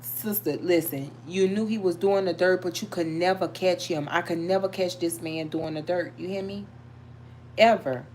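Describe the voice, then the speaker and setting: A middle-aged woman hosting a live chat, telling stories in a lively, animated way and talking straight to her viewers. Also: fairly low pitch, moderate pace, slight background noise. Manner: animated, storytelling, talks to viewers. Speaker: livestream host reading tarot.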